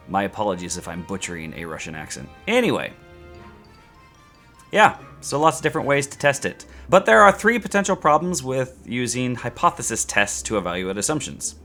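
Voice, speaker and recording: A man teaching statistics in a playful, sarcastic, animated way. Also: medium pitch, moderate pace, soft background music. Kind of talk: scripted educational video.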